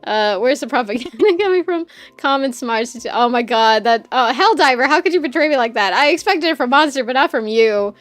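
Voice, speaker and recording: A woman streamer chatting casually while she draws, loud and crude, rambling and laughing often. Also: high-pitched, animated, fairly quick, dry recording, faint music behind.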